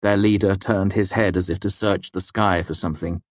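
A man narrating a first-person fantasy story in a measured, grave storytelling manner. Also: low-pitched, steady tone, no echo. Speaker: audiobook narrator.

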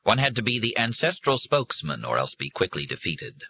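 A man reading a novel aloud as an audiobook narrator, in measured scripted narration. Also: fairly low pitch, sing-song, bright, forceful tone, slightly rough, no echo. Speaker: audiobook reader. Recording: dry, dull lo-fi recording.

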